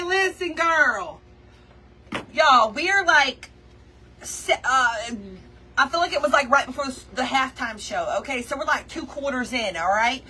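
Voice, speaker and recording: A woman hosting a craft livestream, telling a story to her viewers in an animated, chatty way and calling them y'all and girl. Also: high voice, distant mic, slight background noise. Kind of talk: casual storytelling chat with viewers.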